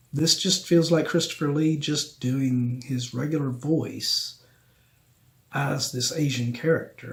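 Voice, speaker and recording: A man hosting a film review channel, talking through a review in a slow, rambling way with many ums. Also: medium pitch, gravelly.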